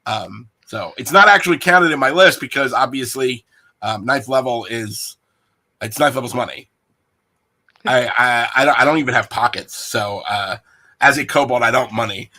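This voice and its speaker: A man's voice: medium pitch, normal speed, pushed and bright. A man hosting a casual stream, playful and rambling, joking with his guest. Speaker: host. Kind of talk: casual livestream chat.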